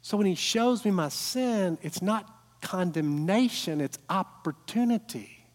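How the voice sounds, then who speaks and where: A man's voice: sits high, expressive, a little slow. Earnest man preaching in a reverberant hall. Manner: earnest storytelling, rising to emphatic peaks. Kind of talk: sermon.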